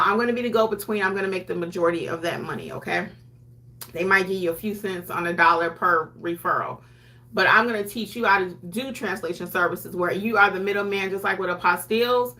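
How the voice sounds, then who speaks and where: A woman's voice: mid-range voice, bright, forceful tone. A woman notary educator talking casually to camera, chatty and conversational. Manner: chatty, conversational, acts out clients' lines. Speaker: notary educator and YouTube host. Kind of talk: casual teaching talk to camera.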